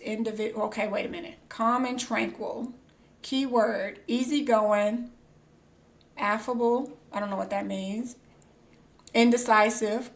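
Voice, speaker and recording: A woman streaming a game live, reading on-screen text aloud and breaking into excited squeals. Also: a little high. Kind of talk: live gameplay commentary.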